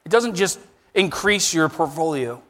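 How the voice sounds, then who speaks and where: Pastor, male, slightly high voice, preaching with big emphatic swings, church hall echo. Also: a little slow. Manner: animated preaching with emphatic rises. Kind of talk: sermon.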